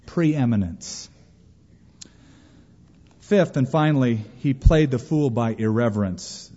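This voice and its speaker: Mellow-voiced preacher in a big hall. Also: male voice, medium pitch, expressive, takes it slowly, long pauses. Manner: emphatic storytelling, quoting scripture. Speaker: pastor. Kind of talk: sermon. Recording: reverberant, dull lo-fi hall recording.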